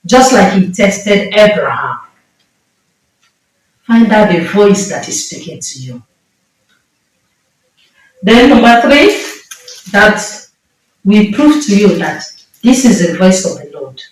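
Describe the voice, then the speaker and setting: A woman's voice: mid-range voice, very animated, slow pace, pauses often. A woman with a Nigerian accent preaching a sermon with impassioned, emphatic delivery and repeated phrases. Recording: echoey room, mic far off.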